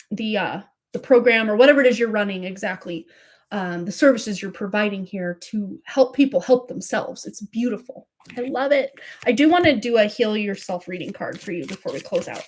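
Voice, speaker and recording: A woman's voice: medium pitch, expressive, normal speed. A woman reading tarot cards on a livestream, effusive and gushing, full of spiritual talk and filler words. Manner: effusive, breathless, spiritual, many likes and fillers. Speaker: tarot reader hosting a livestream.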